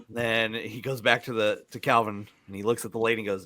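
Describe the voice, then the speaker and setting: A man's voice: lowish voice, fairly even intonation, fairly quick, hardly any pauses, sharp tone. A man co-hosting a casual film podcast, playful, fond of acting out lines from the film. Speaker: podcast co-host.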